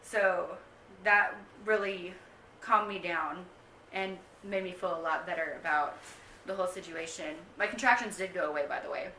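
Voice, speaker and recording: A woman's voice: fairly low pitch, normal speed, few pauses, sharp tone, far from the mic, a little hiss or hum. A young woman vlogging a casual pregnancy update to camera, chatty and rambling with lots of ums. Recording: echoey room, mic set back.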